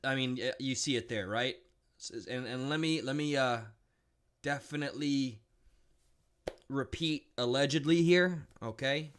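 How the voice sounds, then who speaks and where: Male live-stream host, indignant, blunt, mid-pitched, casual. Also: measured pace, a bit bright, smooth. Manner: blunt, indignant, thinks aloud with restarts.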